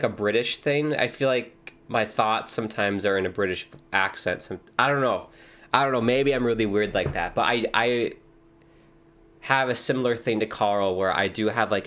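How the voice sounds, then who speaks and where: Musing low-voiced man reacting on camera. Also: fairly bright tone. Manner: thoughtful, rambling, self-questioning. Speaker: reaction video host. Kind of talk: casual musing commentary.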